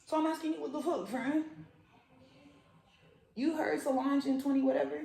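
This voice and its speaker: A young woman hosting a tarot channel, talking in a casual, rambling and profane way with animated jokey asides. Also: high voice, normal speed, gravelly, pauses often. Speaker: tarot reader and channel host. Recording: echoey room.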